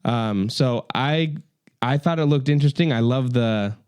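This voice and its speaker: A man's voice: mid-range voice, a little slow, darkish tone, clear, resonant tone, dry recording. A man hosting a casual podcast chat, rambling with lots of fillers. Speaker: podcast host.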